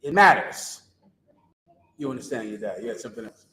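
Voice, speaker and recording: A man's voice: mid-range voice, animated, brisk, a bit bright, reverberant, rough recording. A man preaching a street sermon who talks emphatically and sarcastically, firing rhetorical questions at his listeners.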